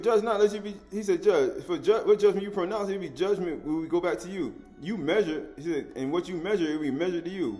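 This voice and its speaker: A man with a slightly high voice gives an animated teaching sermon, restating his words repeatedly and chuckling as he speaks.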